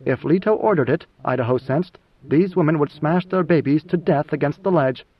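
A man reads an audiobook in a measured, even storytelling manner. His voice sits high for a man, and the recording has a dull, lo-fi tone. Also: husky. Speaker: audiobook narrator. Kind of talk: scripted audiobook narration.

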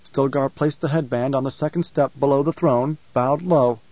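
This audiobook narrator is a man with a mid-range voice who reads scripted narration in a measured, even storytelling style. The recording sounds dull and lo-fi, with no room sound.

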